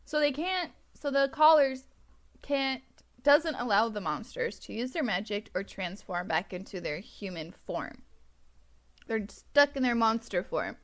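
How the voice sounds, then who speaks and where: A woman's voice: on the high side, expressive, measured pace, fairly bright tone. Giggly woman recapping a plot. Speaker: podcast co-host. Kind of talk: casual book-club chat. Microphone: home podcast microphone.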